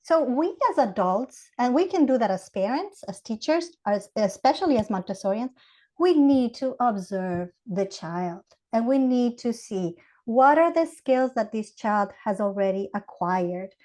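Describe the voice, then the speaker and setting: A woman from Ecuador with an Ecuadorian Spanish accent, a Montessori educator explaining ideas with animated acted-out examples in a podcast interview. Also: a little high, measured pace.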